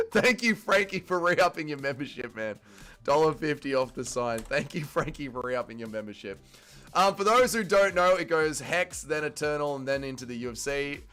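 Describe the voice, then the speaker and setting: An Australian man hosting a live fight watch-along stream, talking excitedly, swearing often and yelling at the fighters. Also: on the high side. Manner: excitable, profane, yells at fighters. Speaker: livestream host.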